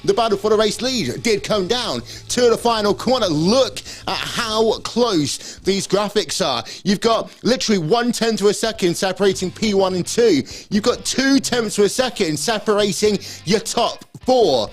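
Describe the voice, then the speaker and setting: High-voiced esports broadcast presenter man. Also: lively intonation, normal speed, few pauses, soft background music.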